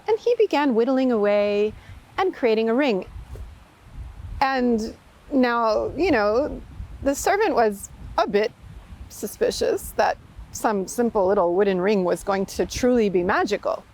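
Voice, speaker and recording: A woman meditation teacher telling a story and giving a spiritual talk in a lively, expressive way. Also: fairly high pitch, measured pace.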